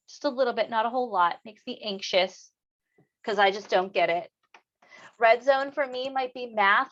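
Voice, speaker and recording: A woman's voice: on the high side, fairly bright tone, muffled recording. A woman teacher giving a lesson on emotions, acting out feelings expressively for her students.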